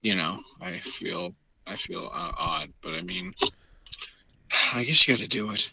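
A comedian man in casual chat, talking in a laid-back, halting way. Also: fairly low pitch, sing-song, creaky, sharp tone, husky, no room sound. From Canada. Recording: dull, muffled sound.

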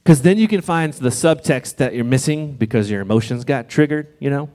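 A man preaching in church in a conversational, gently reassuring way, sometimes reading scripture aloud. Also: mid-range voice, animated, brisk. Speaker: pastor. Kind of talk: sermon.

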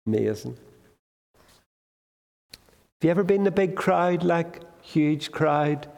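A man's voice: a little high, expressive, takes it slowly, vocal fry, a little mellow. A male preacher giving a conversational sermon, retelling a gospel story and putting questions to the congregation. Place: church. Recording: long hall reverb.

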